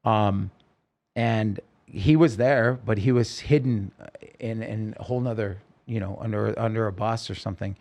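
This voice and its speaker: A man's voice: fairly low pitch, fairly even intonation, moderate pace, darkish tone. A man, a singer-songwriter, telling his own story in a podcast interview, earnest and rambling with many restarts.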